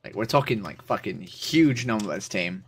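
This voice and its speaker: A man's voice: on the low side, animated, moderate pace, husky. A man with an Irish accent, casually chatting with strangers on a livestream, rambling with lots of filler words and swearing. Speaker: streamer.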